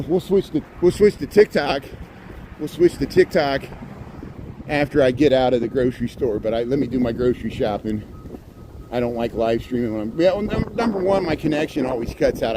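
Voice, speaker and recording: A man's voice: medium pitch, dark tone, slight background noise, poor audio. Chatty middle-aged man streaming while walking. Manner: rambling, chatty, greets viewers by name. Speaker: live-streaming walking vlogger. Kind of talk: casual live-stream narration. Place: outdoors on a city street. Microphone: phone held while walking.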